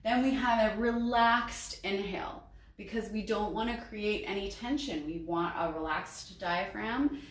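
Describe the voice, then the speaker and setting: A woman's voice: mid-range voice, a little slow, distant mic. A woman giving a voice lesson in an upbeat, encouraging way. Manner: upbeat and encouraging, sings examples. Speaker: voice teacher. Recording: roomy, mic set back, faint ambience.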